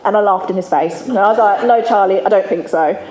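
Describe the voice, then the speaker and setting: A woman's voice: medium pitch, quick pace, darkish tone, slight background noise. A woman giving a candid, chatty recovery testimony to an audience, laughing often. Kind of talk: personal testimony speech to an audience. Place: event hall with an audience. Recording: echoey hall, faint room ambience.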